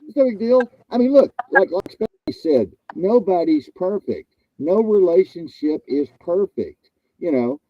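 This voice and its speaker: A man's voice: sits high, animated, measured pace, no echo, muffled recording. A man hosting a casual chat, rambling and joking and repeating himself. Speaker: host.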